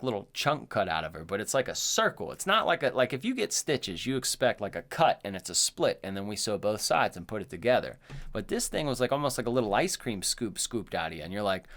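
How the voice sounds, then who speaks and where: Middle-aged male podcast co-host; loose, rambling storyteller with a very lively pitch. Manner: rambling, filler-heavy storytelling. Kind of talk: casual chat.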